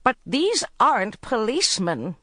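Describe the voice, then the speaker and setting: Narrator doing older woman spy, frantic, pleading, high-pitched, loud, dry studio audiobook. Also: huge pitch swings, slow pace, vocal fry, breathy edge, no echo, heavily acted. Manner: crying out in alarm, pleading. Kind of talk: audiobook character voice.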